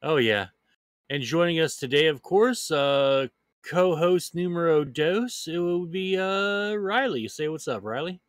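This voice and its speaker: A man's voice: on the high side, a little slow, no echo. A man hosting a podcast, joking his way loosely through casual introductions. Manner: loose, jokey, lively introductions. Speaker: podcast host. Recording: dry close mic with faint music behind.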